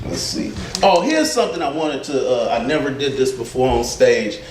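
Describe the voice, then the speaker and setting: A man doing stand-up comedy, telling profane stories in an animated way and laughing at his own jokes. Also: medium pitch, measured pace, a little hiss or hum. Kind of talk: stand-up storytelling. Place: comedy club stage. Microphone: stage mic. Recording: echoey club from a distant mic. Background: audience laughter.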